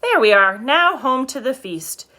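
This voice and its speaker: A woman voicing a clever, cheerful male fox in a children's story, brisk and upbeat. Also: high-pitched, sing-song, bright, forceful tone, voice pushed up, full character voice.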